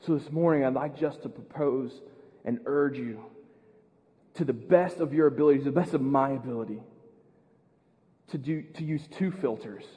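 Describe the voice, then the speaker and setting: An American man preaching a sermon as pastor, earnest, repeating words and building to loud emphasis. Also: medium pitch, moderate pace, long pauses, big-room sound. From United States. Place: church.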